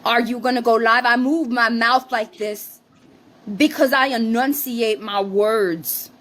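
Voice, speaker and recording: Livestream co-host, woman, high voice, heated profane rant, defensive. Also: steady tone, a little slow, fairly bright tone. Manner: profane, defensive, mixes in Spanish phrases.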